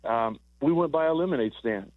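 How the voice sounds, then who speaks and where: A man's voice: mid-range voice, expressive, fairly quick, no room sound. A man in his sixties, a former ballplayer calling in to a sports radio show, telling rambling stories with repeated words and chuckles. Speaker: former baseball player guest. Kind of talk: phone-in storytelling on sports radio. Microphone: telephone. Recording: tinny dry phone line.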